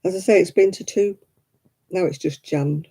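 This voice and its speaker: Brief: woman, live-stream craft host, deep mellow tone, rambling chat with easy laughs. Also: normal speed, breathy edge. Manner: chatty, rambling, laughs often.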